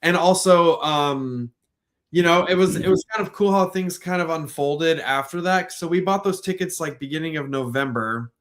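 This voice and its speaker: A man from Portland, a musician guest, answering in a relaxed casual chat with lots of "like" and "you know.". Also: a little high, moderate pace.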